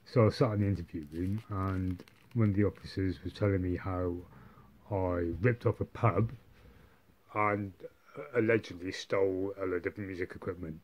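Sweary low-voiced man rambling. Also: steady tone, moderate pace, highs cut off. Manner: rambling, heavy swearing, many fillers and tag questions. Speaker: vlogger. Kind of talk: casual monologue.

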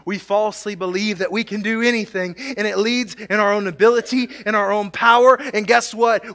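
A man's voice: high-pitched, fairly even intonation, a little fast, few pauses, a bit bright. A male pastor preaching a sermon in a church, mixing jokey asides with rising, emphatic build-ups. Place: church sanctuary.

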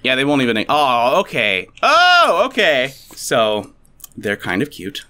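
A man hosting a casual game video, joking and stammering excitedly as he plays. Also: mid-range voice, a little slow. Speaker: host. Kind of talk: casual gaming commentary.

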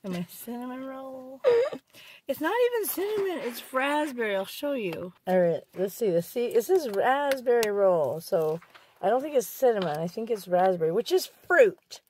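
A woman's voice: fairly high pitch, expressive, normal speed, background noise. Upbeat mom vlogger, chatty and playful, talking from her parked car. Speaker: vlogger and mother. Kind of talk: casual family vlog chat.

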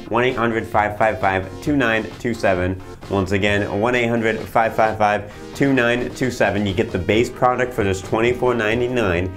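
A man hosting a comedic infomercial, rambling through his sales patter with fillers and restarts. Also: on the low side. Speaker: infomercial host.

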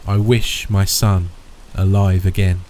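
A low-voiced man doing a frightened old father, shaken and stammering, in a storybook horror reading. The voice sits a touch higher than the narrator's own deep tone and stays dark and mellow. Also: level tone, slow, a little hiss or hum, low-quality recording.

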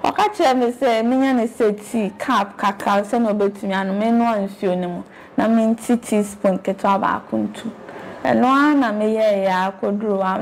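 Ghanaian mother as interview guest, slightly high voice, rambling and animated telling. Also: slight background noise. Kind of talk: casual storytelling.

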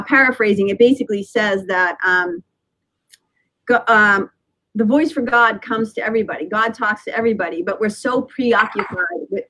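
This spiritual teacher, a woman in her fifties, is a guest being interviewed on a podcast. Her mid-range voice has a slightly bright quality, and the recording is rough. She comes across as earnest and reflective, often breaking into laughter and restarting what she's saying.

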